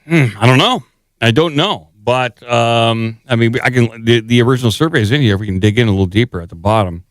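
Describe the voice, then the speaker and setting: Smooth-voiced male podcast co-host. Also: mid-range voice, brisk, no echo. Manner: playful, reads quotes in a mock accent. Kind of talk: casual chat, reading articles aloud.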